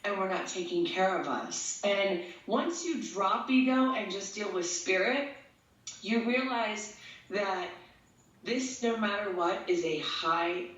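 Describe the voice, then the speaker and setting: A woman's voice: mid-range voice, slow pace, fairly bright tone. A woman speaking as an interview guest, talking earnestly and at length in a rambling way. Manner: earnest, rambling, gets emotional. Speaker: guest, empath and tattoo artist. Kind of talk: casual interview talk. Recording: echoey, distant, dull sound.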